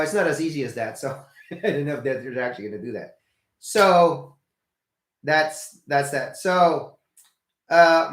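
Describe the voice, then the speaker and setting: An older male nurse from the Philippines talks casually to his viewers, wandering through his story with plenty of fillers and restarts. He is blunt and swears without much thought. His voice sits a touch high and rings in a roomy, echoey space. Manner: rambling, many fillers and restarts. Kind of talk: casual video update. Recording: echoey room.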